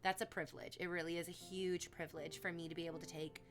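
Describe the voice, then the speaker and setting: A woman livestreamer talks casually to her chat, her thoughts rambling from one to the next. She gushes and sometimes slips into cooing baby talk. Music plays clearly in the background. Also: lowish voice, level tone, fast talker.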